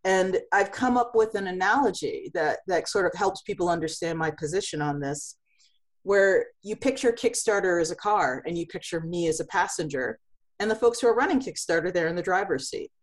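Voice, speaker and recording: A woman's voice: lowish voice, a little fast. A woman who runs a comics publishing company, answering in an interview with vivid analogies and frequent restarts.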